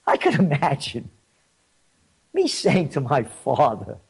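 A man's voice: a little high, wildly swooping pitch, slow, gravelly, breathy edge. A man hosting an opinion commentary, indignant and mocking, his voice rising when he gets riled. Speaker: host.

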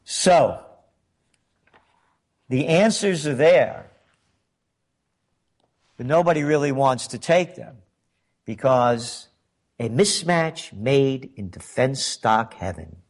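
A man's voice: mid-range voice, animated, slow pace, long pauses. A man hosting a commentary show, delivering a sarcastic, emphatic political monologue full of rhetorical questions.

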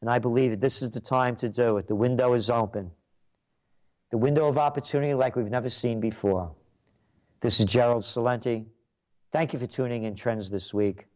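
A man's voice: medium pitch, moderate pace, darkish tone. An older man hosting a trends commentary show, delivering an opinionated monologue with emphatic, repetitive declarations.

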